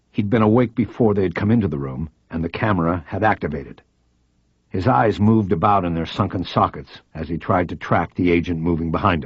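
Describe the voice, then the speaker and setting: A man reading a crime thriller aloud in measured first-person narration. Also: low voice, slightly rough, dry recording, highs cut off. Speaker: audiobook narrator.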